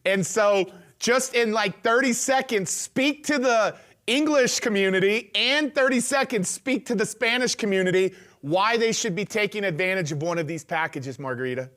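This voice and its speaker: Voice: mid-range voice, normal speed, a bit bright. A host of a live online event, enthusiastic and encouraging while introducing the next offer to the guest.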